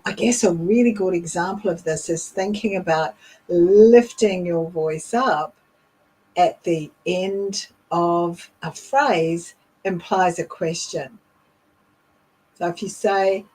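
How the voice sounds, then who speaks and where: Slow, husky-voiced woman coaching on leadership. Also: lowish voice, a little mellow, low-quality recording. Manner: slow, measured and explanatory, with frequent fillers. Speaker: leadership coach and podcast host. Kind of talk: instructional talk.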